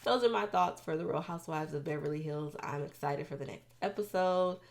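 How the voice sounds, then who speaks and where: Woman host, lowish voice, sassy casual recap delivery. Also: vocal fry. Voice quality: expressive, sassy, with quick asides.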